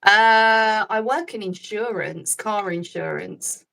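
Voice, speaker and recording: A woman's voice: medium pitch, slow pace, creaky, pushed and bright, poor audio. A young English woman, a podcast guest, chatting casually with many fillers and restarts. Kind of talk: casual chat.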